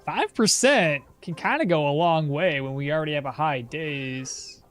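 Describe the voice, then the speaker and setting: Guy streaming a game, bit higher voice, chatty, talks to chat, faint music behind. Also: moderate pace, a bit bright. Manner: chatty, thinks aloud, reads chat and laughs often. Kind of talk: casual live-stream commentary.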